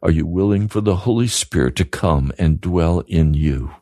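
A man's voice: low-pitched, moderate pace, mellow, dry recording, studio quality. A man preaching a radio sermon, earnest and pleading, repeating his questions to the listener. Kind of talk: sermon broadcast.

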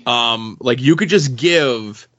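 Dude chiming in earnestly about a comic page, mid-pitch voice, dull lo-fi audio. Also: male voice, slow, a bit bright. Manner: earnest, reflective commentary. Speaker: comic book discussion co-host. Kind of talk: casual chat. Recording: dull lo-fi sound.

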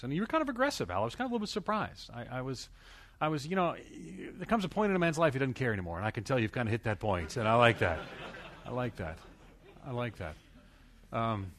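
A man speaks at a conference, telling a personal story with plenty of fillers and restarts. His voice is medium in pitch and very lively, rising and falling a lot as he talks. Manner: animated, anecdotal, many fillers and restarts.

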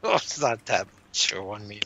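A man's voice: lowish voice, very animated, moderate pace, vocal fry, pushed and bright. A man co-hosting a movie commentary podcast, trading crude, sarcastic jokes in casual banter. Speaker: podcast co-host.

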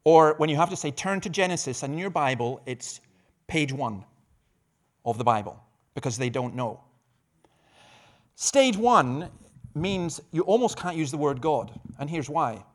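A man's voice: on the high side, unhurried. A middle-aged man giving a conference talk on evangelism, telling stories with humorous asides and often restarting phrases. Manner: lively storytelling with humorous asides; repeats words while restarting phrases. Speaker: preacher and evangelist.

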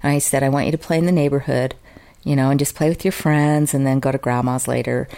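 A woman's voice: rumbling low, fairly even intonation, fast, warm tone. A woman telling her own life story as an interview guest, earnest and open, with flashes of self-mockery. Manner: earnest, open and emotional, sometimes self-mocking. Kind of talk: candid personal storytelling in an interview.

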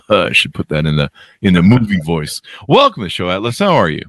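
A man hosting a podcast, rambling and joking his way through the intro, his pitch leaping all over the place. He sounds close and dry on the mic, with no room sound. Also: wildly swooping pitch, fairly quick, dry recording. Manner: jokey and rambling, with many fillers. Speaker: podcast host. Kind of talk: casual interview chat.

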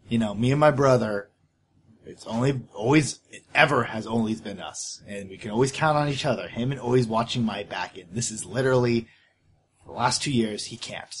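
A man's voice: mid-range voice, a little hiss or hum, lightly acted. A man playing an earnest young fighter. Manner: heartfelt, halting confession. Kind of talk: in-character tabletop role-play.

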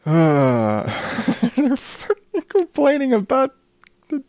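Slow, sarcastic sniffly man ranting. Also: a little high, lively intonation, no echo, clean studio sound. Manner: sarcastic, swears a lot, frequent restarts. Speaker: show host. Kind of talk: profane comedic news rant.

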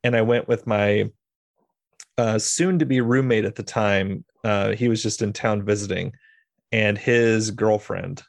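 A man's voice: lowish voice, fairly even intonation, a little slow, gravelly, no echo. A man hosting a podcast, talking casually about films and telling rambling stories with lots of fillers. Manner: rambling storyteller, many fillers and restarts. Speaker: podcast host. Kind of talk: casual film discussion.

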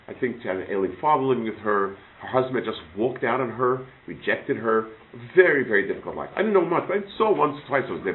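Earnest rabbi on a tinny recording. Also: male voice, medium pitch. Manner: earnest, storytelling, many restarts. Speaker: rabbi answering student questions. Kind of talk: Q&A lecture. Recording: tinny lo-fi lecture recording with faint hiss.

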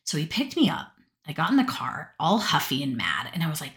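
A woman's voice: deep voice, sing-song, fairly quick, a bit bright. A woman from Utah telling personal stories from her notes in a chatty, rambling way, often breaking into laughter and asides. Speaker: podcast storyteller. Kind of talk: casual personal storytelling.

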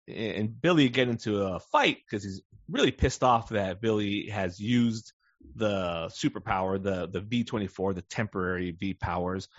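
A man co-hosting a podcast in casual chat, animated and swearing freely. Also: fairly low pitch, no room sound, highs cut off. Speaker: podcast co-host.

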